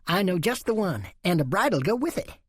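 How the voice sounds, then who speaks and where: A man voicing an eager, excitable short male saddle maker who stammers. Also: high-pitched, a little fast, no echo, clean studio sound, voice pushed up.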